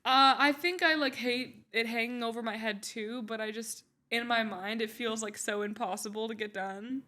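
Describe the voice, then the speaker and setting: A woman's voice: on the high side, steady tone, moderate pace, pushed and bright. A young adult woman co-hosting a casual talk show, loose and easygoing, full of "like" and "you know". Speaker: podcast co-host. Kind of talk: casual chat.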